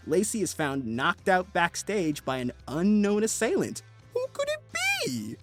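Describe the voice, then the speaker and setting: A man giving scripted narration for a wrestling video, brisk and animated. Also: a little high.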